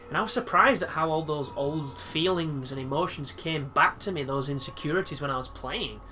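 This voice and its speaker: A man's voice: mid-range voice, sharp tone, a little hiss or hum. A young man giving casual, rambling gameplay commentary, reflective and casually swearing. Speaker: let's-play commentator.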